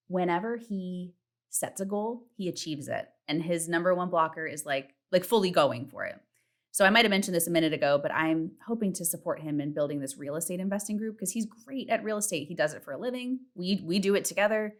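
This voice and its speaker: Recording at home with her partner in the next room, this thirtysomething solo podcast host talks briskly and expressively. She's open and chatty, curses without hesitation, and voices her inner monologue in a high pitch.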